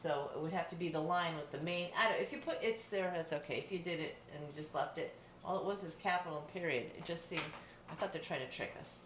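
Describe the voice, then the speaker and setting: Teaching a remote lesson, a middle-aged woman walks through the material patiently, step by step, using examples. She speaks fast, in a low-pitched and slightly bright voice. There's an echoey room sound and a faint hum behind her.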